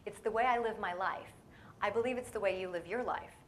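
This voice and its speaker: A woman guest speaker delivers a playful, storytelling sermon to a church audience, animatedly acting out little voices and dialogue as she goes. Her voice is medium-pitched and a little fast, with a little hiss or hum in the recording.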